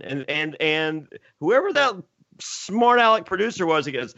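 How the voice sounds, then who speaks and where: A man's voice: fairly high pitch, very animated, moderate pace, bright, forceful tone, no echo. A man in his thirties telling a story in casual chat, stammering, self-mocking and swearing freely. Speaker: podcast host and former reality contestant. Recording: dull lo-fi dry sound.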